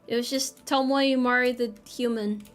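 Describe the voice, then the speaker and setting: A woman's voice: on the high side, steady tone, normal speed, faint music behind. A young woman streaming a farming game, joking and teasing herself while chatting with her viewers. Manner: playful, self-mocking banter with chat. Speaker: VTuber streamer. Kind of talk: casual live-stream chat while gaming.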